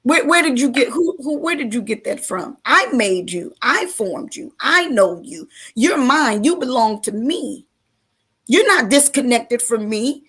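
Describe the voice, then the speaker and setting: A woman telling a story puts on the voice of God, calm and tender, lower and softer than her everyday talk. The voice asks gentle questions and offers reassurance, patiently and with affection. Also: unhurried, breathy edge, exaggerated voice. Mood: tender, reassuring.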